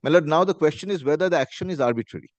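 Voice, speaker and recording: A man's voice: on the high side, rapid-fire, dry recording, dull audio. A man with an Indian English accent, an advocate making a formal courtroom argument and saying "my lord" again and again. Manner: formal, repeats "my lord" constantly. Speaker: advocate arguing before a judge.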